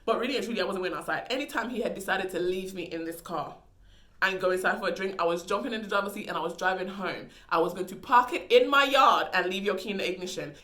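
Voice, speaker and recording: A woman's voice: medium pitch, fast talker, bright, forceful tone. A young woman vlogger telling a story in a casual, dramatic, slangy way. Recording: echoey room.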